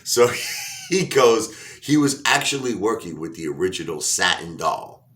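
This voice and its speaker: A man casually telling a story to his viewers. His pitch swings around a lot, and he often laughs and corrects himself. The tone is bright and forward. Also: measured pace. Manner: animated, laughing often, self-correcting asides. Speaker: vlogger.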